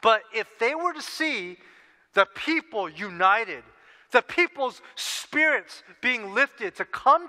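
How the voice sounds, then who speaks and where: A man's voice: extremely high pitch, bright, forceful tone. A man preaching a sermon in a conversational way, often checking in with his listeners. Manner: conversational preaching, tag questions "right?". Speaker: pastor. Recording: long reverb of a hall.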